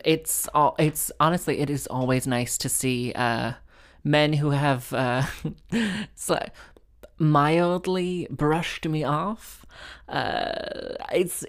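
Very deep-voiced rambling woman podcaster. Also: clear, resonant tone. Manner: rambling, self-mocking, jumps between tangents. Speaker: podcast host. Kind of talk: casual comedic storytelling.

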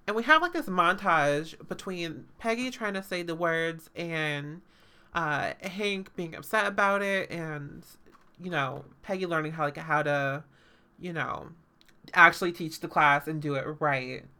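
A woman's voice: sits low, a little slow, sharp tone, clear, resonant tone. A woman hosting a podcast, recapping a show in casual, sarcastic chat full of fillers and swearing.

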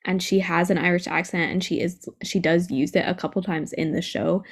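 Low, gravelly-voiced woman discussing. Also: fairly even intonation, brisk. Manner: analytical, builds arguments with examples. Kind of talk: casual fan discussion.

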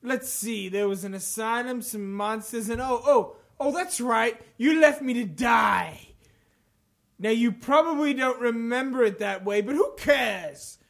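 A gloating video game villain with a high voice, taunting the listener in a theatrical way and suddenly shouting his threats, as a man reads the lines aloud. The reading has a staged, menacing edge. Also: measured pace, creaky, full character voice.

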